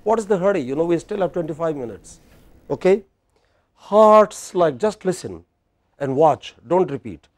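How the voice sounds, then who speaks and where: A man teaching spoken to a class, coaxing students and drawing out words slowly to demonstrate rhythm. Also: a little high, animated, warm tone, dry recording. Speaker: professor teaching spoken English. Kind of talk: classroom lecture with call-and-response drills.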